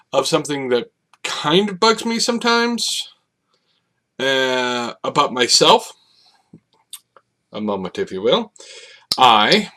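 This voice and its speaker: A man's voice: medium pitch, sharp tone. A man hosting a solo podcast, rambling reflectively with many fillers and restarts. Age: adult, over 30. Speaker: podcast host. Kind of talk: casual solo monologue.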